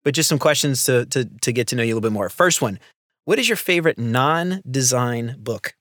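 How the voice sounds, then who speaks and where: A man hosting a podcast, telling animated, rambling stories in casual conversation on a close microphone. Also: medium pitch, fairly quick, no room sound. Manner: animated storyteller, rambling asides. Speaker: podcast host.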